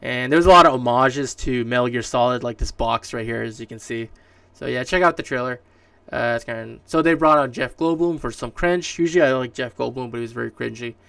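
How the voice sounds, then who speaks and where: Rambling gravelly man on gaming news. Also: mid-range voice, brisk, fairly bright tone, no echo. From Canada. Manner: rambling, many fillers and restarts. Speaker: podcast host. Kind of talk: casual solo gaming news commentary. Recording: distant mic, dry room.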